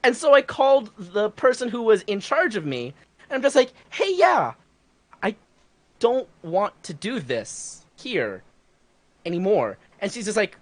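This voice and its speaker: A woman tells a work story on a casual podcast, her voice rising and falling all the way through. She keeps her delivery animated and full of swearing. Her pitch sits in the middle. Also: a little slow.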